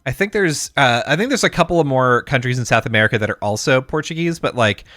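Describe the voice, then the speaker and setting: A man's voice: medium pitch, expressive, fast, pushed and bright, no echo, clean studio sound. A man co-hosting a podcast, chatting casually, rambling with fillers and restarts and acting out the people he quotes. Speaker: podcast co-host. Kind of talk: casual chat.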